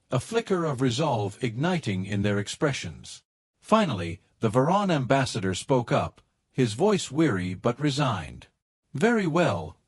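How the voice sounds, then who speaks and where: A man reading a science fiction story as audiobook narration, in a dramatic, measured way. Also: mid-range voice, slightly rough, no echo, studio quality.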